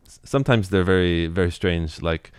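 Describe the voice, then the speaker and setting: Low-voiced man, clear and dry. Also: normal speed, dry recording. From United States. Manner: thoughtful, explanatory, many fillers and restarts. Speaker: guest, Taiwanese language teacher. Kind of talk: casual interview.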